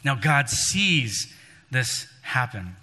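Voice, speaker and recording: A man's voice: mid-range voice, sing-song, extremely slow, pushed and bright, breathy edge. A man preaching a sermon, telling a story and acting out the lines he quotes with emphasis that rises and falls. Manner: storytelling, voices quoted figures with rising and falling emphasis. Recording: long hall reverb.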